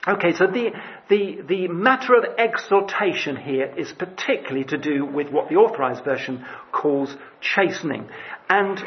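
A man's voice: fairly high pitch, lively intonation, normal speed, dull audio. A man preaching a sermon in church, talking in a loose, conversational way with restarts and asides.

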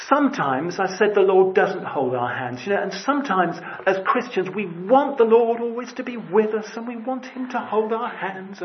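A man's voice: high-pitched, muffled recording. A man preaching a sermon in church, talking in a loose, conversational way with restarts and asides.

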